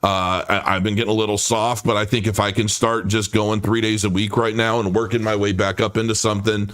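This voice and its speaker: Rambling, halting man in his forties. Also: fairly low pitch, little pitch movement, fairly bright tone. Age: 40s. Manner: rambling, halting, many restarts and fillers. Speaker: crypto livestream host. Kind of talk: casual livestream monologue.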